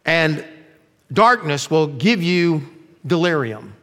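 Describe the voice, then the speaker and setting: A middle-aged male pastor preaching a sermon earnestly, dropping his voice low to stress key lines. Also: big pitch swings, takes it slowly, bright, forceful tone. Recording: long reverb of a large room.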